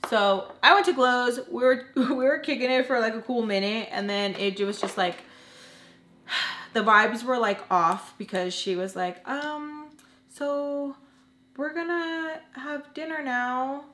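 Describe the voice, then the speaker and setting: A woman's voice: medium pitch, measured pace, a bit bright, a little hiss or hum. A young woman telling a personal storytime while doing her makeup, chatting casually with her viewers. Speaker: vlogger. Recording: roomy echo.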